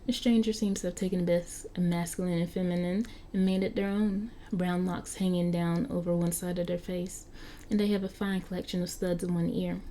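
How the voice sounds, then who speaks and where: A woman narrates an interactive story aloud, frequently stumbling and restarting words and making chatty asides to her viewers. Her voice is lowish and mellow, her delivery flat and fairly quick, with slight background noise.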